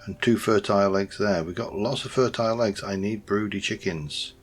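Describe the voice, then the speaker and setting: Chatty man with a very low voice. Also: normal speed, slight background noise. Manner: chatty and rambling, with many fillers. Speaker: let's-play host. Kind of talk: casual game commentary.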